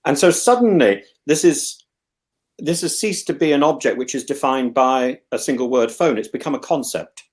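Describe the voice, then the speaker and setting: A man's voice: medium pitch, moderate pace. An English man hosting a casual chat, rambling and musing, with frequent restarts and stammered repeats. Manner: musing and discursive. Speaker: host.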